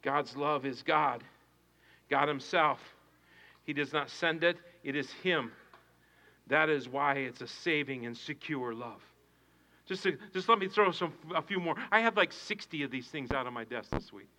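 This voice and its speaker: A male pastor preaching a sermon with passion, swinging from hushed to shouting and repeating his phrases. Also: a little high, normal speed, low-quality recording.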